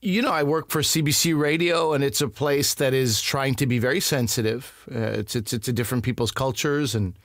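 Lively, self-mocking storytelling man. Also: medium pitch, brisk, hardly any pauses, no echo, clean studio sound. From Canada. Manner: animated, self-mocking, acts out other voices. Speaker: comedian guest. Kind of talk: casual storytelling interview.

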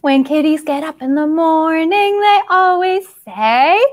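A young woman leads a toddler story time in a high voice. She speaks slowly and in a playful sing-song, with animal noises, counting rhymes and little sound effects. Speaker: children's librarian leading story time.

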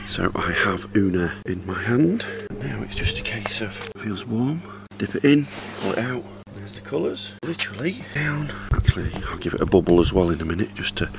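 Middle-aged vlogger, low gravelly voice, chatty and rambling, handheld camera outdoors, faint background hiss. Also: male voice, expressive, normal speed. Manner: chatty, rambling, talks to camera while doing chores. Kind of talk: casual vlog chat. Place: outdoors in a back garden by a hot tub.

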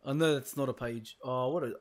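A young man doing horror game commentary, swearing and mocking himself, jumping from low mutters to panicked yelps. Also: fairly quick. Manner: jumpy, swearing, nervous self-mocking, shifting between muttering and panicked yelps. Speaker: gaming YouTuber.

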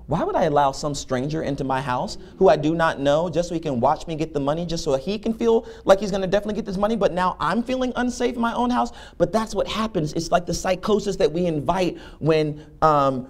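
A man's voice: medium pitch, quick pace, hardly any pauses. A man and professor giving a motivational talk, telling a humorous story and acting out the dialogue. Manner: animated, humorous, acts out dialogue. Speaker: keynote speaker and professor.

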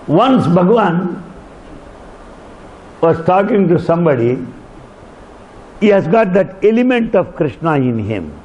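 A man's voice: sits high, a little slow, pauses often, slight background noise. A man giving a devotional discourse, telling stories with emphatic repetition. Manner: animated storytelling with emphatic repetition. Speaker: spiritual speaker. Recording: dull lo-fi recording.

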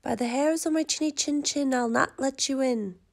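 A woman voicing a proud young male pig who boasts in a high voice. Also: normal speed, creaky. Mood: boastful.

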